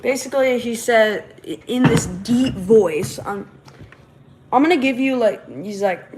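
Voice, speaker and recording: A woman's voice: fairly high pitch, measured pace, a little mellow, a little hiss or hum. A woman hosting a casual livestream, rambling along with lots of fillers and false starts. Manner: rambling, many fillers and restarts. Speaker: livestream host.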